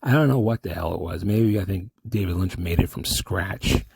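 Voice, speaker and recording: A man's voice: low voice, normal speed, vocal fry, darkish tone, slightly rough, no echo, studio quality. A man performing a comic dialogue with himself, rambling, arguing and interrupting his own lines. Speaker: solo comedic performer. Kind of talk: self-dialogue character impressions.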